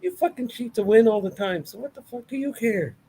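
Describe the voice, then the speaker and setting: A tearful, whining woman complains in a shrill, piercing falsetto, as a man mocks her. Her pitch sits far above his own speaking voice. A faint hum sits underneath. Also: fairly quick, dark tone. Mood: whiny. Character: whiny upset woman wrestler.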